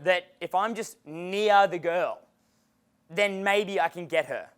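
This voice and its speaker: A man's voice: high-pitched, slow, fairly bright tone, clean tone. A man giving a seminar as a dating coach, casual and chatty, swearing freely and laughing at his own stories. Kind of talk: seminar lecture.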